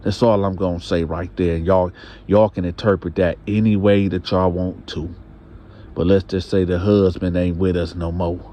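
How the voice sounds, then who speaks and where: A man's voice: low voice, little pitch movement, moderate pace, mellow, a little hiss or hum. A man telling a story in a casual, talkative way, often repeating himself and restarting. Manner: talkative, repetitive, stammering restarts. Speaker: storyteller host.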